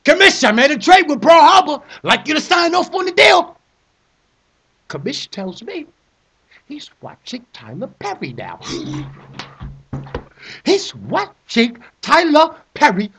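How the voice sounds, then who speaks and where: A man delivering an animated comic rant, theatrical and repetitive, breaking into shouts. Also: very high voice, a little slow, creaky. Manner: theatrical, repeats phrases, shouts in bursts. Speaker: vlogger ranting about a fantasy football trade.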